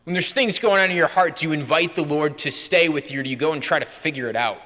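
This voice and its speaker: This young pastor's voice sits a little high and comes out bright and forceful as he talks quickly. He preaches a conversational sermon in church, voicing remembered dialogue, with long church reverb on the audio.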